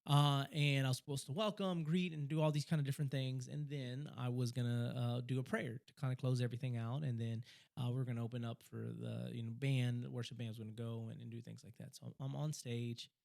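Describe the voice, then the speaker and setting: A young man co-hosting a podcast, telling a story in a casual chat, talking fast and excitedly, stumbling over and repeating words. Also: mid-range voice, creaky. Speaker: podcast co-host.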